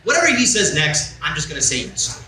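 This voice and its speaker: A man's voice: a little high, very animated, brisk. A man doing a stand-up comedy set on a club stage, telling a story and acting out both sides of a conversation. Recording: roomy club, far from the mic, loud crowd noise. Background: audience laughter.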